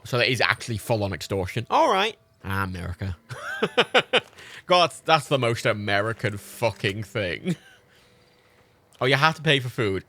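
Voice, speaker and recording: British male streamer, exasperated and sweary, gravelly, very animated delivery. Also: on the low side. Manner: sweary, exasperated, laughs often. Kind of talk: live game stream chat.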